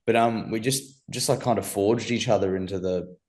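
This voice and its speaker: A man's voice: lowish voice, steady tone, normal speed, a little mellow. A young man being interviewed, laid-back and slangy, calling people bro. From Australia. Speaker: amateur MMA fighter guest. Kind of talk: casual interview chat.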